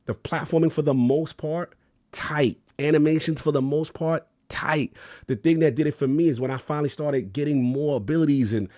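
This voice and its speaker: A man co-hosting a gaming podcast in casual, slangy chat, acting out quotes with big jumps in pitch. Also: moderate pace, dark tone, no room sound, studio quality. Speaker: podcast co-host.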